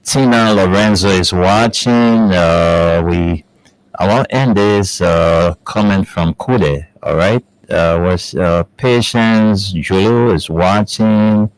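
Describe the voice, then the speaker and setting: A man's voice: low-pitched, clear, resonant tone, dry recording, rough recording. A man, hosting a morning show and reading viewer comments at an easy pace, with asides and many fillers. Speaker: host.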